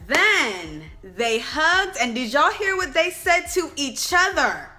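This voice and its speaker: Bright, chatty young woman vlogger. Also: sits high, slow. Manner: chatty, expressive, addresses viewers as y'all. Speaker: vlogger reviewing a reality show. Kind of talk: casual chat to camera.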